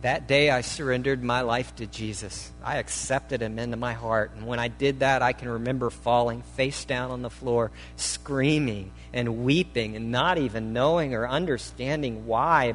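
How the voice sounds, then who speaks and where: A man delivers a sermon, reading a testimony aloud in the first person with earnest drama, rising loud and dropping low. His mid-pitched voice rings out in a hall with a long reverb. A faint hum sits underneath. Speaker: preacher.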